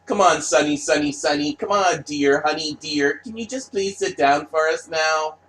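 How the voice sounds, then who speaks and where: A man putting on the voice of a meek young mother pleading with her son in a soft, singsong way. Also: fairly high pitch, moderate pace, echoey room, voice pushed up, natural voice.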